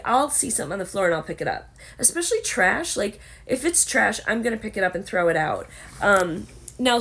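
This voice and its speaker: A woman with a Southern American accent and a hoarse, scratchy voice, chatting casually and rambling to her camera at home. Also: medium pitch, fairly bright tone. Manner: chatty, rambling with many fillers. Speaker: vlogger. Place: home, indoors.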